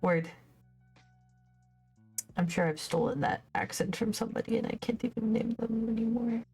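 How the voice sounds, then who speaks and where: A woman's voice: on the high side, brisk, gravelly, a little mellow, breathy edge. A young woman streaming as she paints, chatting in a rambling way and often stumbling over her words. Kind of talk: casual livestream chat while painting. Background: faint music.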